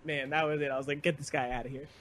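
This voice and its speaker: A man streamer chatting casually, joking with quick comebacks. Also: a little high, level tone, crowd noise. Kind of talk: casual chat.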